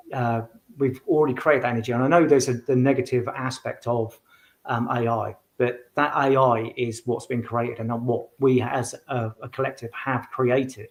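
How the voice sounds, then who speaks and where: A man talking as a guest in a casual interview, rambling with frequent restarts and fillers. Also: mid-range voice. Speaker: guest, medium and author. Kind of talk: casual conversation.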